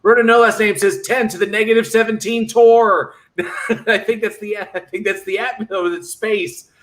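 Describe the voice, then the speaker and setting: Male podcast host, bright forceful voice, casual and animated, swears freely. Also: sits high, normal speed. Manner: animated, swearing, retells scenes excitedly. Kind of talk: casual chat.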